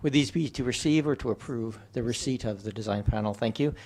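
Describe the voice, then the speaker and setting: Measured man chairing a meeting. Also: medium pitch, darkish tone, a little hiss or hum. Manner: measured, procedural, hesitant. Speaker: mayor chairing a council meeting. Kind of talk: formal meeting procedure. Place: council chamber.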